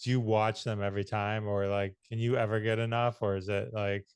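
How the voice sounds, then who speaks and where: Man, podcast host, rambling questions, clear low voice, dry sound. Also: level tone, brisk, no echo. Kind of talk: interview questions.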